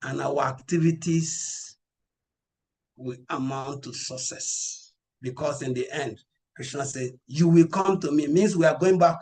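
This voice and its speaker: A man preaching a scripture class, measured and emphatic, quoting verses. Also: mid-range voice, darkish tone.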